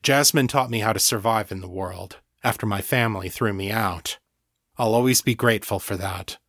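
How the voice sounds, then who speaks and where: A man reading a young male incubus priest weighed down by guilt, his voice rough and heavy with emotion. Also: fairly low pitch, normal speed, a bit bright, no room sound, clean studio sound. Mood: grave.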